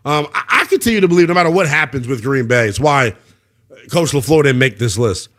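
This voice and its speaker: A man's voice: mid-range voice, lively intonation, a little fast, fairly bright tone. A man hosting a sports talk radio show, delivering an emphatic, opinionated monologue and taking calls.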